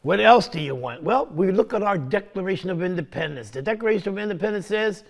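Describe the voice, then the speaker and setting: An American man giving a lively, conversational history talk, acting out both sides and checking in with "right?". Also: high-pitched, fast talker. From United States. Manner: conversational, acts out both sides with quoted voices, says "right?" often. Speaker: history presenter.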